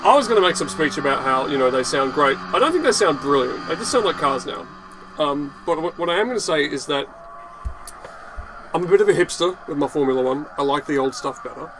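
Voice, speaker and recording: A man's voice: on the high side, lively intonation, a little fast, noisy background. A man ranting in a casual vlog, sarcastic, dismissive and sprinkled with swearing. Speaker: video blogger.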